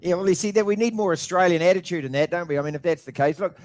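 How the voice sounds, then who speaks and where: A man with a New Zealand accent hosts a sports radio chat. He talks quickly and in a blokey, joking way, slipping in mate all the time. His voice sits a little high. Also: darkish tone. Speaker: radio host.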